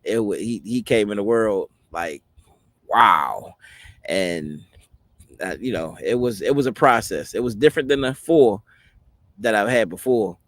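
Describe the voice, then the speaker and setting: Man, 40s, lowish voice, dry close sound; loose personal storytelling, heavy on fillers. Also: normal speed, dry recording. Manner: rambling, many "you know what I mean" fillers. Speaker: host.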